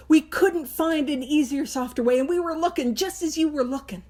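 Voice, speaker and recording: A woman hosting a recovery book study, explaining the reading in a casual, animated way and acting out little voices and jokes. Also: sits high, normal speed, hardly any pauses. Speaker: host of a Big Book study. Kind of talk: casual teaching talk.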